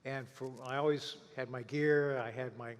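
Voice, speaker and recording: An older male historian asking questions and sharing memories in a halting way, often trailing off with fillers. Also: medium pitch, steady tone. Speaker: historian, interviewer. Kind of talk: interview conversation. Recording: long reverb of a hall.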